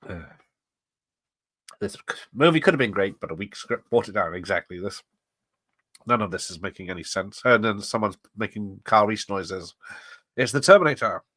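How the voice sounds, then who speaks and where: A man's voice: fairly low pitch, lively intonation, moderate pace, long pauses, a bit bright, no room sound. A middle-aged man hosting a watch party, chatting casually, laughing often and wandering into asides while he reads the chat. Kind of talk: casual live commentary reading chat.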